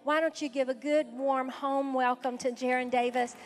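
A woman's voice: high voice, fairly even intonation, normal speed, background noise. A woman pastor welcoming visitors from the pulpit, exuberant and full of praise exclamations. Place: church sanctuary. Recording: reverberant hall with a faint congregation.

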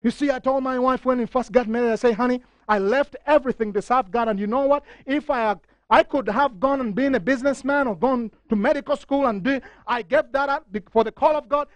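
A middle-aged man preaching a fervent sermon, reading scripture aloud and rising to near shouting. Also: extremely high pitch, fairly quick, few pauses, no echo. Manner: reads scripture passages aloud.

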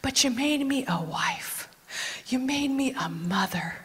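A woman's voice: sits high, animated, a little slow, a bit bright, husky, heavily acted. A woman preacher voicing a grateful young foreign widow who pours out an emotional, exclaiming prayer to God. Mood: hushed. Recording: long reverb in a large hall.

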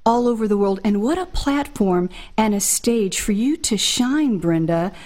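A woman hosts a faith interview show, praising her guest and framing things in Christian terms. Her voice sits at an ordinary middle pitch. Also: animated, a little slow. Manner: warm affirming, speaks in Christian phrases. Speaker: host.

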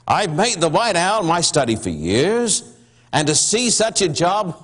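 A male preacher voicing a pompous young man who lectures indignantly about a badly stuffed owl. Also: a little high. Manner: indignant, lecturing, know-it-all.

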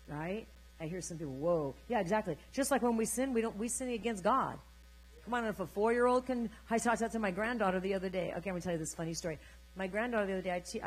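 An older woman preacher delivering an energetic sermon, urging the congregation to repeat her words. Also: on the low side, rough recording.

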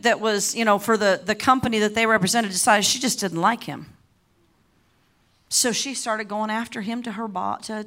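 A middle-aged woman preaching a sermon, impassioned and repeating herself often, rising to shouted declarations. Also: a little high. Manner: repeats and restarts words often.

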